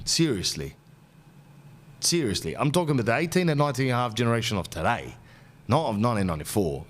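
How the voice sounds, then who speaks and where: A man in his forties hosting a podcast, telling comic stories in an animated, slangy rant. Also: medium pitch. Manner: ranting, animated anecdotes with slang. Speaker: podcast host. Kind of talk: comic storytelling.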